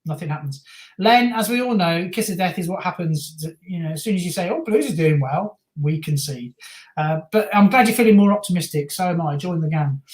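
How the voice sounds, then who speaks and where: A man's voice: high voice, animated, brisk. A man with a Birmingham accent co-hosting a casual football watch-along stream, chatting and reading viewer messages aloud. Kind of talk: casual live-stream chat. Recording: roomy echo.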